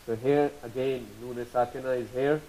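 A man teaching Quran recitation rules, patiently repeating each example slowly and drawing out the sounds. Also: medium pitch, fairly even intonation, warm tone, a little hiss or hum, poor audio. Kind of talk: slow tajweed lesson.

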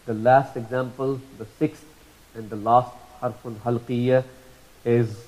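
Slow, patient male recitation teacher. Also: medium pitch, little pitch movement, a little mellow, low-quality recording. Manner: patient, repeats examples slowly and drawn out. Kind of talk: slow tajweed lesson.

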